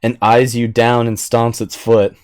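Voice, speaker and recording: A man's voice: mid-range voice, little pitch movement, darkish tone, clear, resonant tone. A man narrating a tabletop game as game master, chuckling now and then. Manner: slow, unhurried narration with chuckles.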